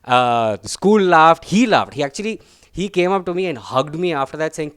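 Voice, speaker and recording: A man's voice: fairly high pitch, animated, moderate pace, a bit bright, smooth, no echo, studio quality. A young man doing a chatty, self-deprecating stand-up set, tagging his lines with "right?" and "guys.". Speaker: stand-up comedian.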